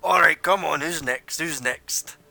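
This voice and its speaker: Man doing a loud brash fight-pit bookie. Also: mid-range voice, measured pace, soft background music.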